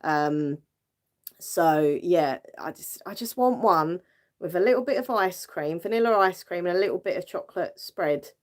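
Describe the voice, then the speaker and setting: This British livestream host has a lowish voice with lively intonation and a moderate pace. She chats casually with viewers, giggling often and filling gaps with lots of fillers.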